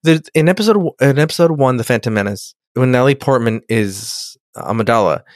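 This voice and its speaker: A man's voice: mid-range voice, brisk, no room sound, studio quality. A man co-hosting a casual review podcast, joking around and swearing, often restarting his sentences. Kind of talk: casual chat reviewing episodes.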